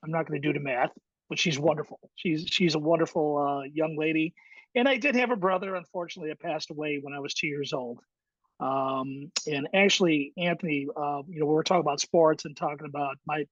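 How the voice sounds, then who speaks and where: A man's voice: on the high side, brisk, fairly bright tone, no echo, dull audio. A middle-aged man, a guest in an interview, telling his story in a reflective way with many fillers and restarts. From Chicago, USA. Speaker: guest, high school baseball coach.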